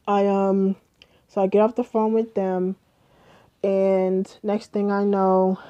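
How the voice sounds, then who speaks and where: A woman's voice: mid-range voice, muffled recording. Young woman telling a profane storytime. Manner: profane, animated retelling with quoted dialogue. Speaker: vlogger. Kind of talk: casual storytime.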